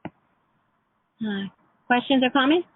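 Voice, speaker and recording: A middle-aged woman leading an online class, telling personal stories in a gentle, reflective way. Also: high-pitched, animated, drawn-out words, a little hiss or hum. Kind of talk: teleclass lesson with personal stories. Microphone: phone or computer call. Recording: tinny phone line.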